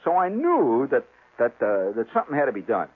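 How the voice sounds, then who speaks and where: Husky, animated man telling a fishing yarn. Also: medium pitch, brisk. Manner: rambling, animated, restarts, chuckles. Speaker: radio storyteller. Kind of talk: humorous storytelling monologue. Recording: tinny, phone-like old radio sound.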